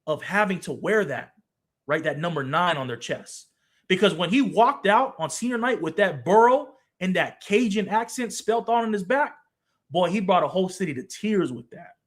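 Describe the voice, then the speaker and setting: A man's voice: sits high, fairly bright tone. A man in his twenties hosting his own show, giving a passionate, blunt opinion monologue with casual slang and swearing, talking straight to the person he criticizes. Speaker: show host, former football player.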